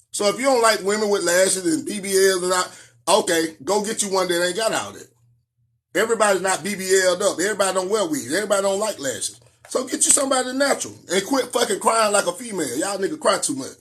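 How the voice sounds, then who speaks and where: A man's voice: high-pitched, fairly bright tone. A middle-aged man, ranting in a preachy and profane live-stream monologue that breaks into sing-song.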